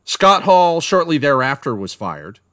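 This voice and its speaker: Man, animated pitch, dry close sound, blunt, indignant, podcast co-host. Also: a little slow, no room sound. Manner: blunt, indignant, precise about terms. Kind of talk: casual chat.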